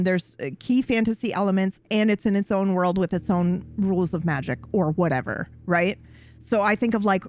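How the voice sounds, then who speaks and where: A woman streamer chatting casually and with feeling, swearing and wandering into asides. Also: medium pitch. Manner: animated, swears, rambles with asides. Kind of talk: casual chat.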